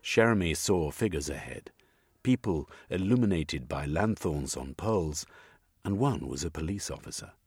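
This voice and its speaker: A man reading scripted narration for an audiobook with expressive, varied intonation. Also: extremely low pitch, normal speed, slightly rough, no echo, studio quality.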